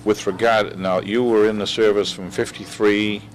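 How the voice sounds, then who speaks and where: A man's voice: fairly low pitch, little pitch movement, moderate pace, a little hiss or hum. A male interviewer asking a veteran short, prompting questions in an oral history interview. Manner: brief prompting, encouraging questions.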